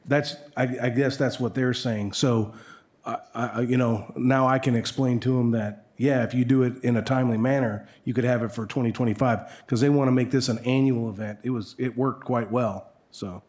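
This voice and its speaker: A council member at a city meeting, speaking slowly and haltingly, restarting his phrases. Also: mid-range voice, fairly even intonation, darkish tone. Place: council chambers.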